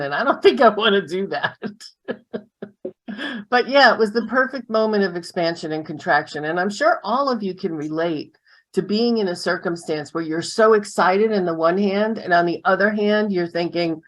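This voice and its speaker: Laughing woman telling a story. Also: mid-range voice. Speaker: co-founder and co-host. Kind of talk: casual chat.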